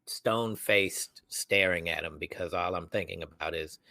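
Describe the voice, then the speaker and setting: A young man co-hosting a podcast, telling a story in a casual, animated way. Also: sits low, moderate pace, gravelly, no room sound. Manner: animated, acts out quoted voices. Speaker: podcast co-host.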